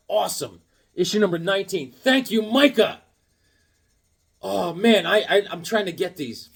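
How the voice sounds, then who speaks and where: Casual male vlogger, high voice that jumps all over, excitable and rambling with groan-worthy jokes. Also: normal speed. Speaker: comic book collector showing new comics. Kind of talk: casual vlog chat.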